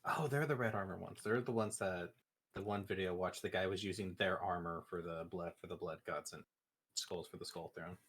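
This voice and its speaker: A man with a very low, husky voice chatting on a stream in a laid-back way. He mostly gives short reactions and jokes around. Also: steady tone, a little fast, fairly bright tone. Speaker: friend learning lore on stream. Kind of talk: casual live-stream chat.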